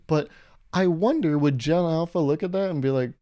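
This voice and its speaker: A man's voice: on the high side, moderate pace, mellow. A man in his twenties hosting his own podcast, rambling through a casual solo monologue with self-deprecating jokes and asides. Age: 20s. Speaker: podcast host.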